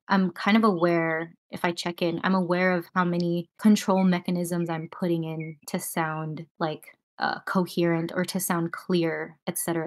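Calm woman guiding a breathing lesson. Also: on the low side. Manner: casual, calm guiding talk with many filler likes. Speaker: breathwork and voice teacher. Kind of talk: guided breathing lesson on a group call. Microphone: video call with noise cancelling.

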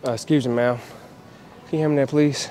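A man's voice: medium pitch, steady tone, fairly quick, mellow, a little hiss or hum. A brash young man doing a casual prank vlog inside a big store, trolling and swearing. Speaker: prank vlogger.

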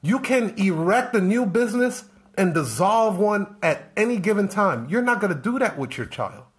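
A man in a live-streamed coaching talk, hammering home his point with one rhetorical question after another. His voice sits a little on the high side, and he circles back over the same phrases with a preachy, insistent drive. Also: animated, moderate pace. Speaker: business coach.

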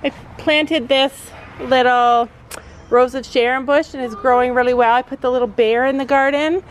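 A woman vlogging casually to her viewers, chatty and animated as she talks straight to the camera from her backyard. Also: high voice, moderate pace, a little hiss or hum. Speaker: family vlogger. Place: outdoors in a backyard.

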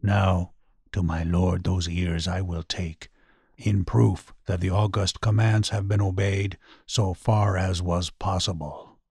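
A man voicing a gruff, grim ghost samurai messenger in an audiobook, slow and growling. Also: low voice, flat delivery, darkish tone, dry recording, pitched below the performer's own voice, exaggerated voice.

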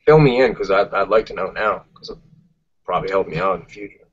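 A man's voice: sits low, fast, slightly rough. A man, co-hosting a casual podcast, ranting emphatically and swearing a lot. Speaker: podcast co-host. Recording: muffled lo-fi podcast audio.

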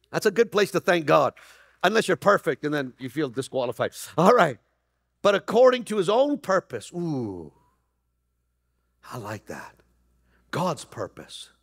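A man preaching a Christmas Eve sermon as pastor, energetic and rising to near-shouts, with playful asides to the congregation. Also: high voice, husky, no room sound, clean studio sound. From Canada. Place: church hall.

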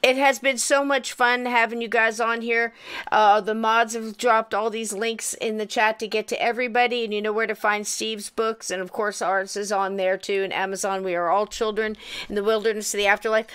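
Chatty woman podcast host, clear voice. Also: on the high side, steady tone, normal speed, a bit bright. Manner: chatty, enthusiastic, laughs often. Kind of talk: casual chat.

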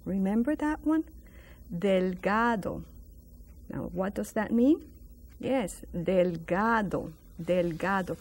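A woman's voice: mid-range voice, animated, darkish tone. A woman teaching a lesson on a school broadcast, drilling words with patient, encouraging repetition. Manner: slow, patient drilling with sung-out repeated words; encouraging, praises the viewers. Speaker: Spanish teacher. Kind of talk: classroom language lesson.

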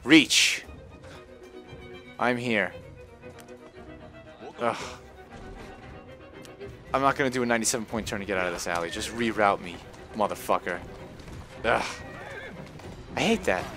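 A man giving live gameplay commentary on a stream, often frustrated and cursing with loud outbursts. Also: fairly low pitch, measured pace, pauses often, music in the background. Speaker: gaming livestreamer.

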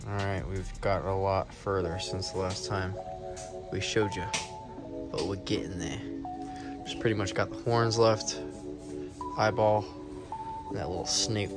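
Against loud music, a low-pitched man speaks unhurriedly, pausing often. In his casual vlog, this energetic tattoo artist and reptile keeper tells the camera about feeding the animals and tattooing, and he talks to his reptiles directly.

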